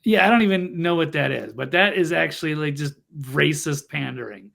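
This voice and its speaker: Gravelly man hosting blunt political chat. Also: a little high, fairly quick, fairly bright tone. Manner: blunt, mocking, with frequent restarts and fillers. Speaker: show host.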